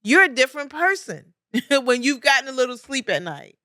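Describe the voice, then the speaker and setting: A middle-aged woman with a bright, clear voice talks through parenting advice as a podcast host. She repeats key phrases for emphasis and laughs lightly as she goes. The recording is close and dry. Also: high-pitched, big pitch swings, normal speed, no room sound. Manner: warm, laughing, emphatic repetition. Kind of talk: conversational coaching monologue.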